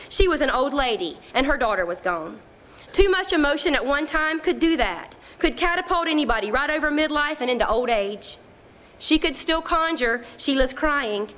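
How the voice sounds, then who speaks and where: A woman narrating literary fiction in a measured, quiet storytelling manner. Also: sits high. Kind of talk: audiobook reading of literary fiction.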